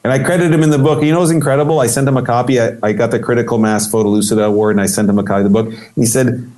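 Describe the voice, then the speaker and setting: Animated male interview guest. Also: mid-range voice, racing, few pauses. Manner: animated, acts out quoted voices, many restarts. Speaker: guest photographer. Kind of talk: casual storytelling interview.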